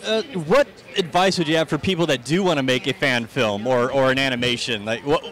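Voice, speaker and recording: A man's voice: mid-range voice, brisk, a bit bright. A man hosting a podcast interview, asking questions hesitantly with many fillers. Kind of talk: casual interview.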